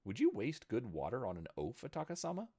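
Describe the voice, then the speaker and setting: A man voicing a blunt, rough male samurai who talks low and gruff. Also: huge pitch swings, brisk, dark tone, no echo, studio quality, full character voice. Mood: insolent.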